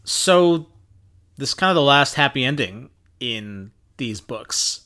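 A woman's voice: extremely low pitch, animated, takes it slowly, a bit bright. A woman co-hosting a casual book podcast, musing and hesitant with dry asides. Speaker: podcast co-host. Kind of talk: casual book discussion chat.

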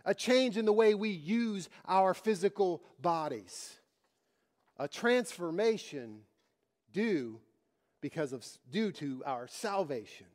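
This preacher's voice is high and animated, and his delivery is slow. He repeats his phrases emphatically in a classic preaching rhythm and uses a story to make his point.

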